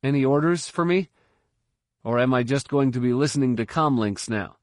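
A man voicing an eager, earnest teenage boy apprentice, pitching his voice higher and brighter for quick questions. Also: no echo, studio quality, natural voice.

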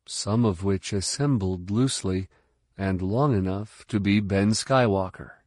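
A man narrating a novel in a measured, steady way. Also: lowish voice, no room sound, studio quality. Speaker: audiobook narrator. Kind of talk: scripted narration.

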